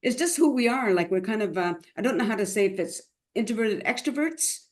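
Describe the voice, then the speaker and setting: Woman raised in montreal asking an actor questions, relaxed, lots of um and like. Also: on the high side, a little fast. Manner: easygoing, asks with trailing fillers. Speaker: interviewer. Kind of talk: casual interview conversation.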